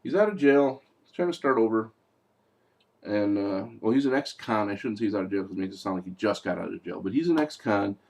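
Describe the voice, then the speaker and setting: Animated man mocking movies. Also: lowish voice, a little fast. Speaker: movie reviewer. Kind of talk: casual video review.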